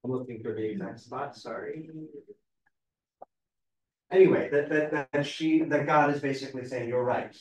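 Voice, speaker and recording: A man's voice: medium pitch, moderate pace, pauses often. A man, a rabbi, leading a conversational text study class, explaining and reading passages aloud in a thoughtful way. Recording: roomy, distant mic.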